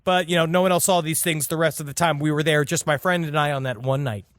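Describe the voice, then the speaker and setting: High-voiced relaxed podcast man. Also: fast, no echo, clean studio sound. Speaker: podcast co-host. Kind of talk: reading a listener story, casual banter.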